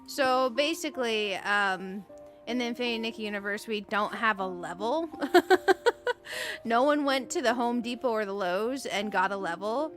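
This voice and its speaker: A woman with a slightly high voice streams a cozy game and talks casually the whole time. She giggles often and greets her viewers by name. Soft game music plays faintly behind her. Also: expressive, moderate pace. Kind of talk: casual live-stream chat while playing.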